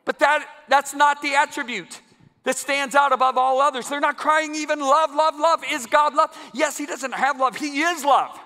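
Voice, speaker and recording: A man preaching a sermon to a congregation in a large church, emphatic and building to loud climaxes. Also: very high voice, fairly even intonation, normal speed. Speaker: guest preacher. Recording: long church hall reverb.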